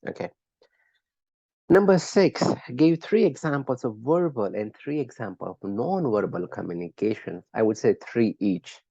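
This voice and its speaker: Male lecturer for an online class, encouraging and conversational, dark husky tone, dull lo-fi call audio. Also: medium pitch, animated, moderate pace, dry recording. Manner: conversational, quizzes students by name, encouraging. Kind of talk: live online class teaching.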